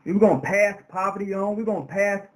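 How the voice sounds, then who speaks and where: Fiery high-voiced man preaching his point. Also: fairly even intonation, a little fast, poor audio. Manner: preacher-like, building rhetorical questions; repetitive, emphatic phrasing. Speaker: interview guest. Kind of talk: impassioned radio interview talk.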